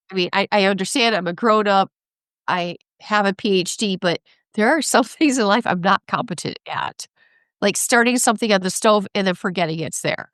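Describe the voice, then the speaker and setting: A woman speaking as an expert guest in a conversational interview, animated, acting out parents and kids, often asking "right?". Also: mid-range voice, no room sound, studio quality. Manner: animated, acts out parents and kids in quoted voices; frequent laughs and "right?" tags.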